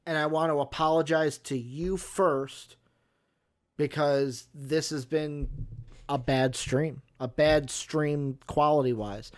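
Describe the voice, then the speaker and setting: Young guy hosting a sports stream, kinda high voice, lots of ums and likes. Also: fairly even intonation, slow. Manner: apologetic, hesitant with many fillers. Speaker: host. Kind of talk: casual sports talk stream.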